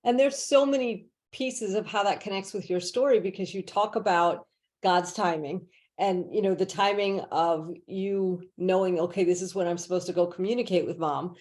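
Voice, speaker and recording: A woman's voice: mid-range voice, normal speed. A woman hosts a conversational podcast interview and affirms her guest as she goes. She sets up each question with a long, winding lead-in, over what sounds like a video call. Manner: warmly affirming, prompts with long setups.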